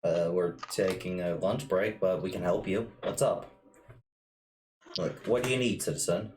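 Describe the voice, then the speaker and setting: A man's voice: sits low, measured pace, darkish tone, slight background noise. A man voicing a brusque male city guard on a lunch break, talking in an offhand way.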